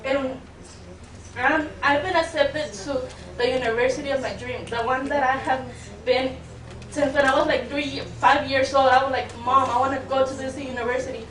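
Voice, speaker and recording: A teenage girl from Mexico speaks, her tongue. She pleads earnestly and defiantly, near tears, her voice pitched high. The sound comes from a distance, with a roomy echo. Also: steady tone, moderate pace, fairly bright tone. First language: Spanish. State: close to tears. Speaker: student giving public comment. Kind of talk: emotional public testimony. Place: public board meeting room. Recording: echoey meeting room from far off.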